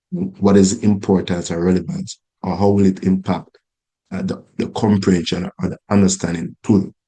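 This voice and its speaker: A man's voice: low voice, mellow, poor audio. A man teaching English, walking through analysis points with rhetorical questions and frequent restarts. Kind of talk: instructional talk.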